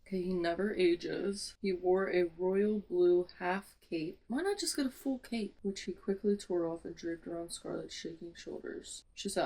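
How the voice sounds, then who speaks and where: A young woman vlogging casually about a book she is rereading, dramatic and foul-mouthed, with sudden loud outbursts. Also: fairly low pitch, expressive, moderate pace, few pauses, poor audio. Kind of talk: casual reread commentary with read-aloud passages.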